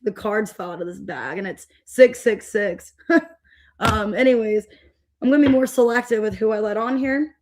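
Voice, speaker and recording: A woman's voice: medium pitch, moderate pace. A young adult woman hosting a tarot livestream, upset and fed up, venting to her viewers with many restarts. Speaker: tarot reader livestream host.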